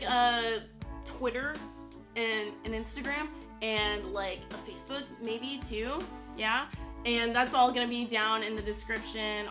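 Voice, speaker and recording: A young woman telling a personal story in a casual vlog, chatty and full of fillers. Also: fairly high pitch. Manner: chatty, lots of "like" and "you know". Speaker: YouTuber.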